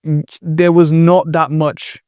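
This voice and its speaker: A man hosting a podcast in a casual conversation, talking hesitantly with many fillers and pauses to search for words. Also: fairly high pitch, little pitch movement, warm tone, clear, resonant tone, no echo, clean studio sound. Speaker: podcast host.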